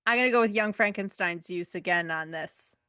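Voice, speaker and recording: A woman's voice: lowish voice, fairly quick, sharp tone, clean tone, dry recording, studio quality. A woman co-hosting a casual podcast chat who weighs her choices aloud. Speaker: podcast co-host.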